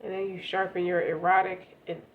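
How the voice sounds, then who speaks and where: A woman's voice: on the low side, flat delivery, brisk, phone-quality sound. A woman with a congested, stuffy voice giving a casual tarot reading, talking straight to the listener and often repeating words as she goes. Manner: conversational, repeats words, speaks directly to the listener. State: congested from a cold. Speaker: tarot reader.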